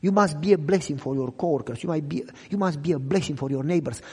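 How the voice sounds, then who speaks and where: A young man who speaks English as a second language, preaching an emotional sermon testimony and swinging from loud cries to hushed low lines. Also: fast, husky. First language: not English. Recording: echoey hall reverb.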